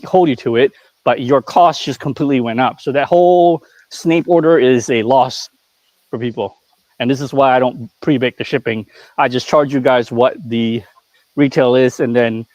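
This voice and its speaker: A man's voice: mid-range voice, darkish tone, no room sound. A man who runs a figure store, talking in a blunt, profane, ranting way in a casual live-stream chat.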